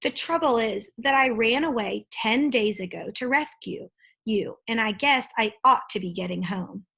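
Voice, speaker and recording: A woman doing a cheerful young storybook boy who sounds eager and friendly. The voice sits high and a touch breathy, reading as a bright little hero on an adventure. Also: normal speed, heavily acted.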